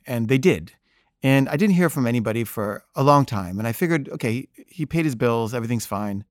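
A man's voice: mid-range voice, lively intonation, fast talker, no room sound, clean studio sound. A man casually telling a personal story in a rambling, wry way, full of fillers.

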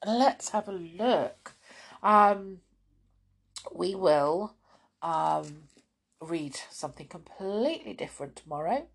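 A woman hosting a children's story podcast, reading storybooks aloud in an expressive, chatty way with soft asides. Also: deep voice, slow.

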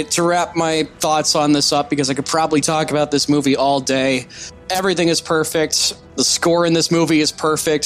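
A man co-hosting a podcast, talking in an excited, profane way with lots of filler "like". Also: fairly high pitch. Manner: excited, profane, heavy use of "like". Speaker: podcast co-host reviewing a film. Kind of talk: casual podcast chat.

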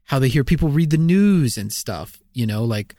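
Relaxed explaining podcast man. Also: mid-range voice, moderate pace, dry recording, clean studio sound. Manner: relaxed and explanatory, with many fillers. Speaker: podcast co-host. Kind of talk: casual chat.

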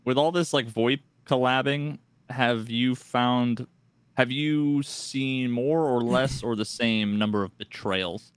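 Man, podcast co-host, casual relaxed chat, mid-pitched voice, dry mic. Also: slow, clean tone, no room sound.

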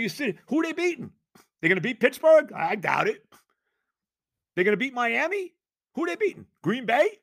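A man's voice: high-pitched, sharp tone, no room sound, studio quality. A man ranting as a sports talk host, exasperated and sarcastic, firing off rhetorical questions. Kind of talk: ranting sports commentary monologue.

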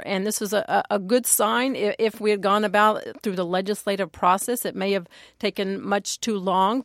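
A woman's voice: medium pitch, no echo. A woman commentator arguing her point on a political panel. She is emphatic and earnest, repeating words as she restarts, and the sound is dry and close.

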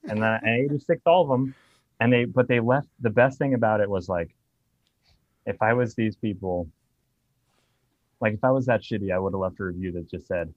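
Low-voiced bar owner telling profane stories. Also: male voice, normal speed, long pauses, dry recording, highs cut off. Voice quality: profane, animated anecdote telling. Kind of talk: casual storytelling.

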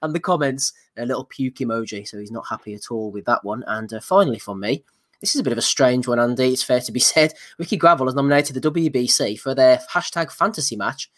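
A man's voice: mid-range voice, animated, fast, fairly bright tone. A man hosting a casual podcast, laughing between the listener posts he reads out. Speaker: podcast host.

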